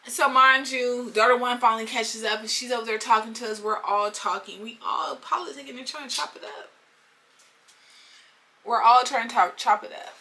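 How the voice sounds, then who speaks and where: Bright, animated woman telling a story. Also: fairly high pitch, moderate pace. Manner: animated, slangy, talks straight to viewers. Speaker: storytime vlogger. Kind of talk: casual storytime vlog.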